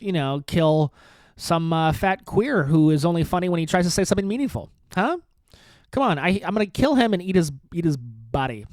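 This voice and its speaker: A man's voice: high voice, darkish tone, no room sound. A man hosting his own podcast, talking alone in a sarcastic, provocative, rambling way. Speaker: podcast host. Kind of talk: solo comedic podcast rant.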